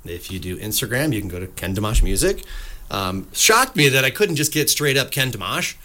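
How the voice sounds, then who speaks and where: A man's voice: mid-range voice, brisk. A middle-aged man, a musician guest on a radio show, telling stories with lots of energy and acting out little voices. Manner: animated storyteller, acts out voices in anecdotes. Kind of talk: casual radio interview. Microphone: studio microphone.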